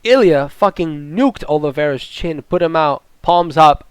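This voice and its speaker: Young male fight vlogger, slightly high voice, profane rambling rant, dry close sound. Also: expressive, a little slow, hardly any pauses, clear, resonant tone, dry recording. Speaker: MMA commentator. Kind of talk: ranting casual commentary.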